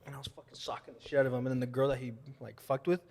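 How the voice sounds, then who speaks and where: A man's voice: medium pitch, racing, husky. A young man telling profane party and fight stories on a podcast, acting out what people said. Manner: animated, profane storyteller acting out quotes. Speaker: guest. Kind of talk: casual podcast storytelling. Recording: long room reverb.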